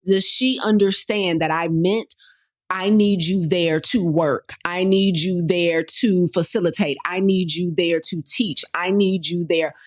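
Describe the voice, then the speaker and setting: Woman host, blunt, animated, lowish voice, motivational talk. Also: unhurried. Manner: direct, animated, colloquial, addresses listeners as y'all and you guys. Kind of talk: motivational talk to an online audience.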